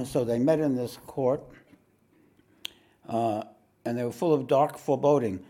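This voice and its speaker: A man, a spiritual teacher, telling a story to a meditation audience in a rambling way, often clearing his throat and using fillers. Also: mid-range voice, steady tone, unhurried, long pauses, dark tone.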